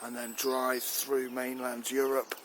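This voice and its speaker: A man playing a furious, blustering air force chief who rants and shouts. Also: medium pitch, takes it slowly, a little hiss or hum. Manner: ranting, shouting, swearing. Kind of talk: improvised comedy.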